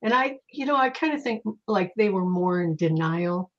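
A woman guest speaking as a psychic, telling lively stories in casual conversation and acting out the voices in them. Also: medium pitch, normal speed. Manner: animated, quotes voices in her stories. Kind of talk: conversational storytelling. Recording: muffled lo-fi audio.

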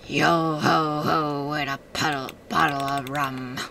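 A woman voicing a silly pirate in a playful, low, mumbling voice. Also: huge pitch swings, drawn-out words, gravelly, bright, forceful tone, recorded from a distance, a little hiss or hum, exaggerated voice. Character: silly growly pirate playing at sea talk.

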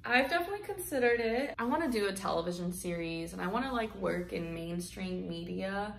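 A woman's voice: medium pitch, expressive, brisk, gravelly, a bit bright, echoey room. A woman in her thirties talking candidly to her channel's viewers, rambling and emotional, her voice sometimes dropping to a whisper. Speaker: YouTube vlogger. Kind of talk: candid confessional vlog.

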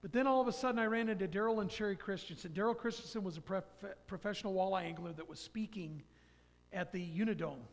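Gravelly fifty-something man, church reverb. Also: high-pitched, fast talker. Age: 50s. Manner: folksy, rambling storytelling. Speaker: church member giving testimony. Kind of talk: personal testimony in church. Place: church sanctuary. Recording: long church hall reverb.

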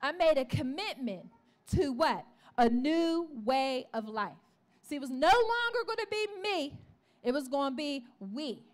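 A woman with a strikingly high voice preaches a testimony in church. She tells her story with animation, slipping into the voices of the people in it and calling out to the congregation. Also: sing-song, measured pace. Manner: calls out to the congregation. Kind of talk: sermon testimony.

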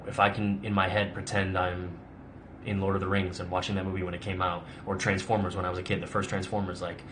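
A young adult man with a deep voice talks fast in a level tone against a noisy background. He's an actor hosting a live Q&A stream, casually rambling through viewer questions with plenty of "like" and restarts.

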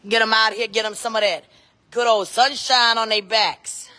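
A woman's voice: on the high side, fairly even intonation, moderate pace, sharp tone, dry recording. A middle-aged woman, chatting casually to live-stream viewers and her kids outdoors on a phone. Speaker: vlogger and mom. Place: outdoors at a scenic waterfall spot.

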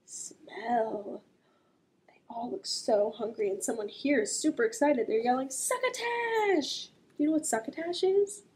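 Reading a picture book to kids as a librarian, a woman with a slightly high voice gently poses questions to the listener and stretches out the sound words. The recording quality is low.

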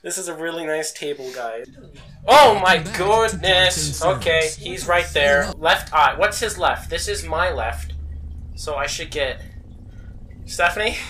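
Jumpy, lively let's play gamer. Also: medium pitch, unhurried, a crowd in the background. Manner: excitable, yelps and laughs at jump scares; mock insults and silly jokes. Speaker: gaming YouTuber.

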